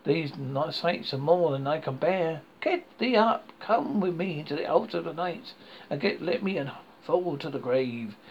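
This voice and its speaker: A man's voice: fairly high pitch, animated, moderate pace, a little hiss or hum. A man voicing a mournful, merciless male fiend spirit in a horror story reading, speaking solemnly, on a dull lo-fi recording.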